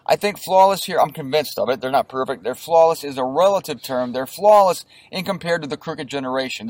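A man's voice: a little high, no echo. A man giving a casual Bible commentary from inside his car, explaining verses with joking, conversational asides. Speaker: Bible teacher.

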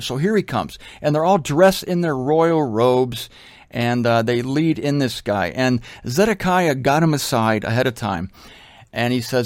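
A man's voice: mid-range voice, lively intonation, normal speed, no room sound, studio quality. A man teaching from the Bible in a casual, conversational way, with joking asides. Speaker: preacher.

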